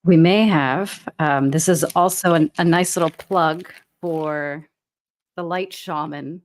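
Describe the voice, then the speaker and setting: A woman co-hosting a spiritual talk show, her voice set a little low. She speaks softly and chats casually with the host. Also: slow pace. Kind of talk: casual chat.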